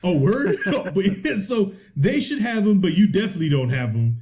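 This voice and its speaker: A man co-hosting a podcast, telling a profane story in casual chat and acting out the exchanges in animated bursts. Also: sits high, normal speed, slight background noise. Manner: animated, swears constantly, acts out exchanges. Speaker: podcast co-host.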